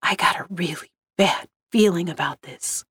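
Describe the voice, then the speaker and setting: A woman voicing a calm, matter-of-fact office worker in a spoken story. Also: on the high side, a little slow, no room sound. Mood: uneasy. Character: office worker woman, level-headed, reads Morse code.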